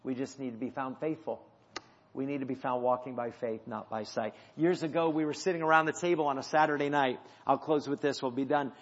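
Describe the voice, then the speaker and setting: A male missionary preacher delivering a sermon, telling a family story and swinging between loud emphasis and hushed lines. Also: medium pitch, steady tone, a little fast. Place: church sanctuary. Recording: dull audio in a hall with long reverb.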